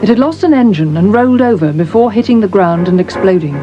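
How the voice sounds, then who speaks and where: Woman, deliberate documentary narration, slightly dull sound. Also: mid-range voice, lively intonation. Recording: dull audio over music.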